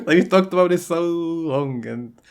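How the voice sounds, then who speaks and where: A man's voice: fairly high pitch, a little mellow. A man co-hosting a book podcast, talking enthusiastically with frequent giggles. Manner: enthusiastic, giggly, many fillers. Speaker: podcast co-host. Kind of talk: casual chat about books.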